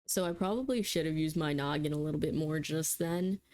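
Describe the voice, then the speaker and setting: A young woman with a fairly low voice reads a game's story text aloud. Between passages she breaks off into casual, flustered, joking remarks about what is happening. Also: a little fast, a little mellow. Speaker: gaming YouTuber. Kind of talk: reading a text game aloud with casual commentary.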